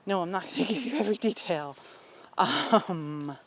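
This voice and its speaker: A man's voice: high voice, lively intonation, normal speed, fairly bright tone, a little hiss or hum. Man, candid rambling talk, lots of ums, blunt asides, outdoors, faint crickets behind. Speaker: vlogger talking about personal life. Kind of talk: casual personal talk.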